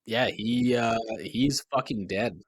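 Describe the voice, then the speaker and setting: A man's voice: medium pitch, slow pace, husky, dry recording. A man running a tabletop game as game master, narrating in a laid-back way with chuckles and fillers.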